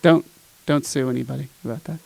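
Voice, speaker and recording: A man hosting a podcast, chatting casually and teasing his guest all the way through. His voice has a gravelly edge to it. The sound is dry and close, with no room around it. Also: mid-range voice, fast talker, a little mellow, no room sound, poor audio. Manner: joking, teasing, playful. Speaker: podcast host. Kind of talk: casual chat.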